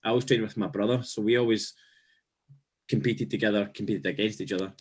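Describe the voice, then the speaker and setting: A man with a fairly low voice chats casually on a podcast. He looks back on old memories and tends to repeat his phrases as he works through them. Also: fairly even intonation, fast, darkish tone, husky. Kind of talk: casual chat.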